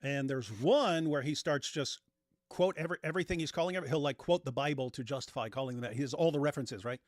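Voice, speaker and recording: A man hosting a show, giving animated, sarcastic commentary on clips. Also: fairly high pitch, fast talker, no echo, studio quality. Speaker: host. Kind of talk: reacting to clips, casual chat.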